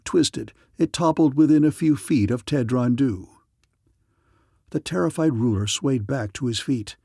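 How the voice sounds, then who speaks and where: A man narrating a science fiction audiobook in a dramatic, measured manner. His voice sits at a middle pitch, and the recording is dry and close, with no room sound. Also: darkish tone, no room sound.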